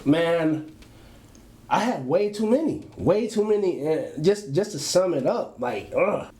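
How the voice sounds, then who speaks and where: Young male co-host, slightly high voice, loose slangy chat, repeats himself. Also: measured pace. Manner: slangy, relaxed storyteller who repeats phrases. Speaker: podcast co-host. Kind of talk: casual chat.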